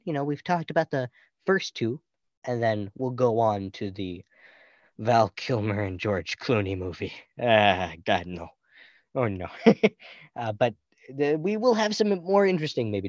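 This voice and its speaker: A man's voice: medium pitch, no echo, lo-fi sound. A young man hosting a podcast, chatting loosely about films in a jokey, rambling way and laughing often. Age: young adult. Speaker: podcast host. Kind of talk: casual film review chat.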